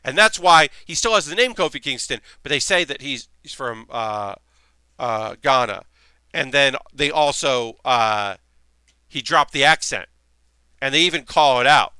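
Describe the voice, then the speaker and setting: Male streamer host, casual rambling chat, bright crisp voice, dry close mic. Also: mid-range voice, measured pace, dry recording. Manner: rambling, lots of fillers and restarts. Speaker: streamer hosting a building stream.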